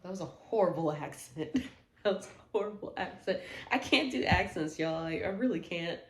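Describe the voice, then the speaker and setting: A woman's voice: on the low side, animated, normal speed, faint music behind. A woman hosting a storytime channel, reading Reddit posts aloud and breaking in with emphatic, slangy asides to viewers. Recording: roomy echo.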